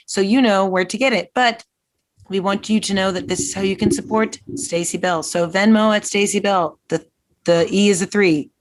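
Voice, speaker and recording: A woman comedian hosting a live-streamed show, riffing in quick jokes. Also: medium pitch. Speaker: comedian host. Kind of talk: casual comedic chat.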